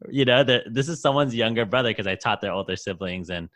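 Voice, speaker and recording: A man's voice: mid-range voice, fast talker, fairly bright tone, dry recording. A man hosting a casual podcast interview, reflective and encouraging as he asks questions. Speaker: podcast host, high school teacher.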